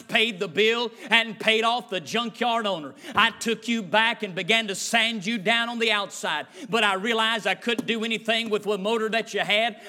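A merciful God speaking in rhythmic, emphatic lists, the voice high and bright with forceful drive, as a preacher voices him. Each phrase lands in a steady preaching cadence. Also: male voice.

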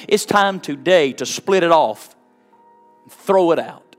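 Fervent preacher, higher voice. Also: male voice, animated, slow, faint music behind. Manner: fervent preaching, swings from hushed to shouting. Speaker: pastor. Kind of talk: sermon with storytelling.

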